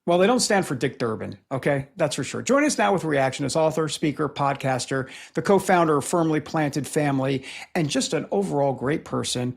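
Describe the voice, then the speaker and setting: A man hosts a political talk show with a gravelly, husky voice. He delivers the news with a wry, sarcastic edge, tossing in dry asides between his points. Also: fairly high pitch, expressive, brisk, hardly any pauses. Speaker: host.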